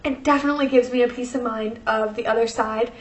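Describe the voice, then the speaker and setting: Speaking fast with fairly even intonation and a voice on the high side, a young woman vlogger tells a personal story in a reverberant room. She's chatty, leans on lots of fillers, and wavers between tears and laughter, close to crying.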